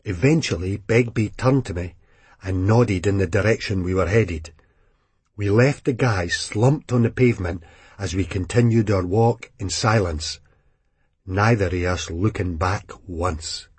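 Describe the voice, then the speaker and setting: A man with a Scottish accent narrating a novel in a blunt, deadpan way. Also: low-pitched, a little slow, breathy edge, dry recording. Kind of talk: audiobook narration.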